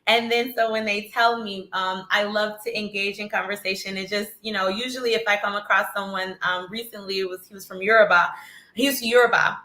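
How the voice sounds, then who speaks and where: Female guest, bright and animated, roomy echo. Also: on the high side, normal speed. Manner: animated, acts out dialogue. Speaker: panel guest. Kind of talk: casual panel talk.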